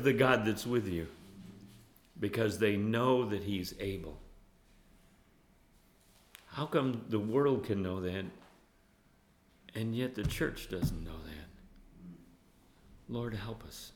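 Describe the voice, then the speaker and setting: A man preaching a sermon in an animated way, laughing often and at times rising to near-yelling. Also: fairly low pitch, takes it slowly, long pauses.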